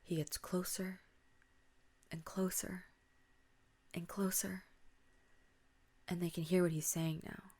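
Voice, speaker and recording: A woman's voice: lowish voice, flat delivery, slow pace, pauses often, mellow, slightly rough. A woman hosting a podcast, casually retelling a spooky story and dropping to a whisper at tense moments. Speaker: podcast host.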